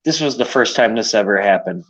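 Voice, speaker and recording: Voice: medium pitch, lively intonation, a little fast, fairly bright tone. A teasing, joking panelist in a casual livestream chat. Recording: muffled lo-fi stream audio.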